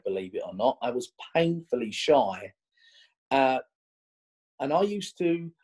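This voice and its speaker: Animated magician in his forties with a slightly high, husky voice, for an interview. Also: poor audio. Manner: animated, chatty, lots of restarts. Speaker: magician guest. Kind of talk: conversational interview storytelling.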